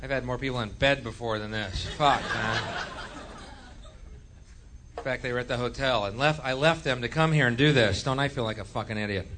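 Profane, sardonic comic. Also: male voice, mid-range voice, a little fast, noisy background. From United States. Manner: profane, sardonic, swings from mutter to yell. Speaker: stand-up comedian. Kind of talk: live stand-up rant. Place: comedy stage.

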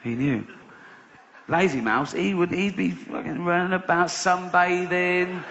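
A man's voice: sits high, fairly even intonation, measured pace, fairly bright tone. A man doing stand-up, telling a rambling, sweary story with sarcastic asides. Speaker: stand-up comedian. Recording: slightly dull live recording.

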